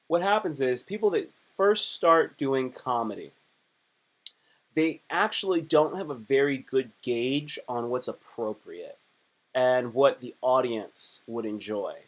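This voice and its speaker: A young adult man rambling through a casual livestream, chatty and animated. He keeps restarting his sentences as he talks, with the easy manner of a comedian. His voice sits at an ordinary middle pitch. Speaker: comedian and live streamer.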